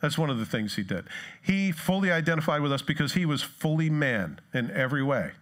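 A man's voice: on the high side, sing-song, a little fast, fairly bright tone. A male pastor giving a conversational sermon to a church congregation, reading scripture and putting questions to his listeners.

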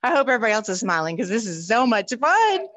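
A woman's voice: mid-range voice, sing-song, fast talker, a bit bright, low-quality recording. A woman, leading a seniors' exercise class over a video call, upbeat and counting reps aloud. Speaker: fitness instructor.

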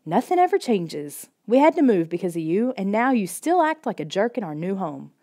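A woman's voice: mid-range voice, very animated, moderate pace, mellow. A woman voicing an exasperated, scornful older sister, from a storybook audiobook. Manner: sighing, scornful.

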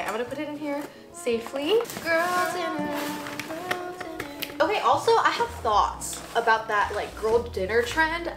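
Casting: bubbly, chatty woman YouTuber in her twenties, high, lively voice, echoey room with faint music. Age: 20s. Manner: bubbly, chatty, giggly, emotional asides. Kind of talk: casual unboxing vlog.

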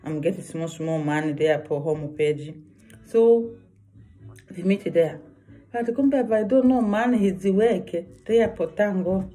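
Slow, earnest woman vlogger. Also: mid-range voice, warm tone. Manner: earnest, repetitive, broken English. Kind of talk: personal warning vlog.

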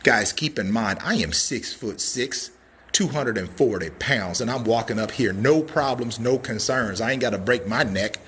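A man's voice: mid-range voice, animated, moderate pace, fairly bright tone, a little hiss or hum. A man hosting a live cabin sales walkthrough, a hyped, catchphrase-heavy showman who whoops and throws in drawled "baby" asides. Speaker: cabin salesman and livestream host.

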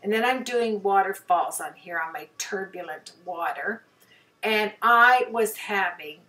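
A woman's voice: medium pitch, a bit bright, far from the mic. A woman hobby painter chatting casually over her own painting, rambling and poking fun at herself, with plenty of fillers. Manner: chatty, rambling, self-deprecating, many fillers.

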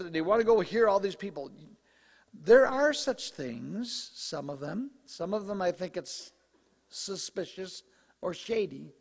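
A man preaching from the pulpit, his pitch sitting high for a male voice and a little hoarse. He talks to the congregation in a loose, joking way. The sound carries the long reverb of a church sanctuary. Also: lively intonation, measured pace, a little mellow. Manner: conversational, joking asides. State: slightly hoarse, clearing throat. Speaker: pastor. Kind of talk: sermon.

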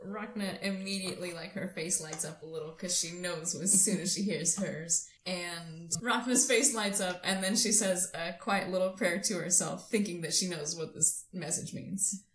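A woman's voice: on the low side, moderate pace, hardly any pauses, a bit bright, roomy sound, faint music behind. A woman playing a tabletop game who speaks in a giggly, playful way. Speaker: player.

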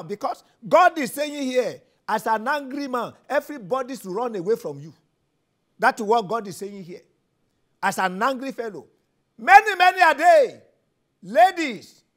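A Nigerian man preaches and leads prayer in a very high voice. His tone is bright and forceful. He repeats commands fervently and builds to loud declarations. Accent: Nigerian English. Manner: fervent, repetitive commands, rising to shouts. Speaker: pastor leading prayer. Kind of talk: sermon and prayer session.

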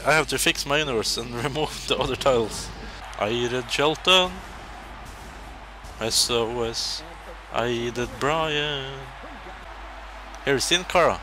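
A man casually commentating his own wrestling video game, excitable, jumping between loud shouts and quiet muttering. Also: medium pitch, background noise.

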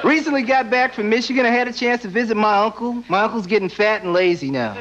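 Very high-voiced young stand-up comic. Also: male voice, fast, heavy background noise. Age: young adult. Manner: deadpan asides, sudden silly character voices. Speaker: stand-up comedian. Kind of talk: stand-up comedy routine. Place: TV studio stage before live audience. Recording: dull VHS broadcast audio with loud audience.

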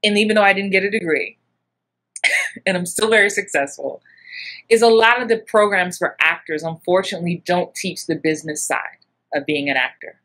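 A middle-aged woman giving casual advice as an acting coach, animated and full of acted-out asides. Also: moderate pace. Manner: animated, acts out little scenes with big jumps in pitch.

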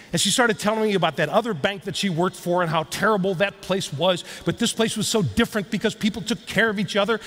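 A middle-aged man with a high-pitched voice gives a keynote speech in a large hall before a live audience. He's animated, tells stories, and speaks directly to the crowd, with slight background noise.

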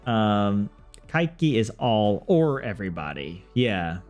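Low-voiced man chatting loosely with viewers. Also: sing-song, slow pace. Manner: thinks aloud with many restarts and self-corrections. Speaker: language learner streaming. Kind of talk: casual livestream chat with viewers. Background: soft game music.

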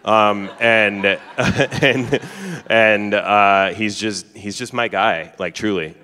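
A man's voice: on the low side, steady tone, extremely slow, bright, forceful tone. A man speaking as a guest author before a live audience, telling a story casually and often stopping to restart or laugh. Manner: chatty, heavy on fillers and restarts, laughs often. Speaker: teacher. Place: large hall with an audience. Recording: reverberant hall sound.

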